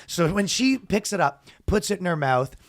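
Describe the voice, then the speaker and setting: A man, telling a funny story on a casual podcast and acting out shouted quotes. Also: high voice, normal speed, no echo, clean studio sound. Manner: animated, acts out announcers with loud shouted quotes. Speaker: podcast co-host.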